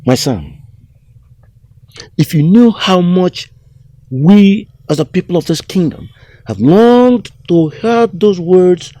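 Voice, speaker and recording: An actor with a Nigerian accent playing a solemn older royal father who speaks in a measured way. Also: high-pitched, expressive, warm tone, no room sound. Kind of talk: film drama acting.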